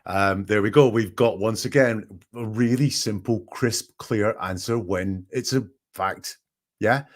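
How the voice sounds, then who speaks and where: A man's voice: on the low side, measured pace. A man hosting, analyzing a recorded call with emphatic, questioning commentary. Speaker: statement analyst host.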